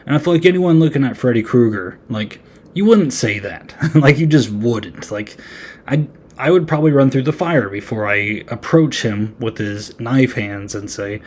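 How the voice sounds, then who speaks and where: Casual male podcast host, average-pitched voice, loose and rambling recap style. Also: normal speed, a little mellow. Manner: loose, filler-heavy, rambling. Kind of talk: casual movie review.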